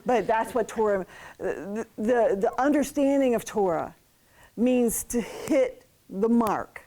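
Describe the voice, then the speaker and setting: A woman co-teaching a class, earnest and a little halting as she explains word meanings at a board. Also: a little high, mellow. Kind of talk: explaining at a whiteboard.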